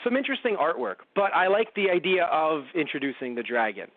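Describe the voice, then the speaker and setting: A man on a podcast, chatting loosely about a cartoon and tossing in quick impressions of its characters as he goes. His voice sits a touch high. The sound is dry and narrow, as if heard over a phone line. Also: very animated, no room sound. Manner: rambling, acts out characters in quick asides. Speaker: podcast co-host. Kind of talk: casual anime review chat.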